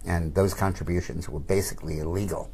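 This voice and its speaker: A man's voice: deep voice, fairly even intonation, brisk, mellow, a little hiss or hum. An older man, a political commentator, telling anecdotes in a casual chat with frequent restarts.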